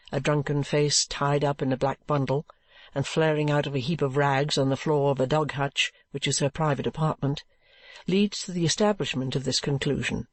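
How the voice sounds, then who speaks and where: A man's voice: a little high, no echo. Man narrating a classic novel. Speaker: audiobook narrator. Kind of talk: audiobook narration.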